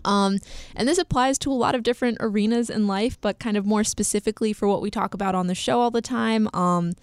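A woman's voice: medium pitch, fast, clean tone, no room sound. Young woman, podcast co-host, casual chatty talk, lots of ums, dry close sound. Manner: chatty, many fillers and laughs. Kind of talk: casual chat.

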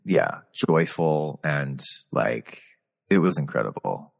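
A very low-voiced man from Texas chats candidly as a guest, telling stories about his stage work. His voice comes over a video call with a long reverb tail around it. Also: animated, slow pace, gravelly. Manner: candid, storytelling. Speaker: guest performer. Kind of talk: casual interview chat.

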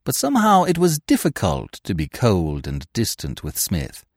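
A man reads a classic story aloud in scripted narration, wry and expressive. His pitch ranges very widely, and the dry, close recording carries no room sound. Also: moderate pace, breathy edge, dry recording. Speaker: audiobook narrator.

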